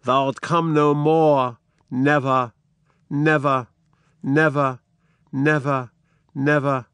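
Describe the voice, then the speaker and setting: A man's voice: medium pitch, flat delivery, extremely slow, a bit bright, clean tone, dry recording. An older man reading the lines of a grief-maddened old king in declamatory verse, his voice raised and anguished.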